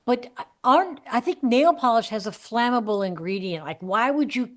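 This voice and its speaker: A woman's voice: a little high, lively intonation, normal speed. A woman co-hosting a comedy podcast, chatting casually and agreeably with hesitant restarts. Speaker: podcast co-host. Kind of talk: casual chat.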